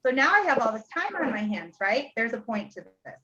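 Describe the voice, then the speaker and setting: A woman's voice: fairly high pitch, very animated, a little fast, sharp tone, dull audio. A woman co-hosting a casual talk over a video call, telling a testimony with laughter and playful energy. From Ohio. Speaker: co-host sharing a testimony. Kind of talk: casual storytelling chat.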